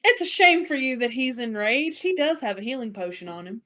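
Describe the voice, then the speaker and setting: A woman's voice: fairly high pitch, animated, fairly quick, pushed and bright. A woman narrating as game master of a tabletop game, calling rolls and describing the enemies' turns.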